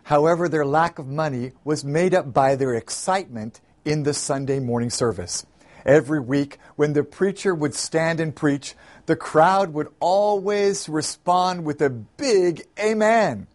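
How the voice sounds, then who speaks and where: Pastor guy preaching with a folksy story, fairly high voice. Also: unhurried. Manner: animated storyteller, folksy asides. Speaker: pastor and host. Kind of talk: sermon with storytelling.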